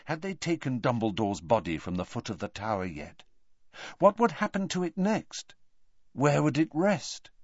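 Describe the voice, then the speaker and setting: A man narrating an audiobook with an expressive, varied delivery. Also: medium pitch, normal speed, dry recording, muffled recording. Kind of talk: scripted narration.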